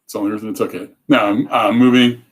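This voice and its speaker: This is a man hosting a casual livestream in a slightly low voice. He talks in a loose, rambling way. He cuts himself off and picks the thread up again. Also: fairly even intonation, quick pace. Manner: rambling, self-interrupting, chatty. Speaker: show host.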